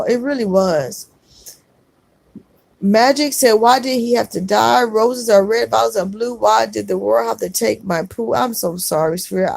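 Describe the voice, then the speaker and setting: A woman's voice: a little high, gravelly, darkish tone, dry recording. A middle-aged woman hosting a casual livestream, reading viewer comments aloud and answering with earnest comfort, often saying "y'all.".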